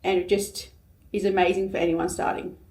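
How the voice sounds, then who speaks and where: A woman's voice: lowish voice, flat delivery, brisk, warm tone. A woman who runs a cleaning business, earnestly recommending something in a roundtable chat. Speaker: forensic cleaning business owner, guest.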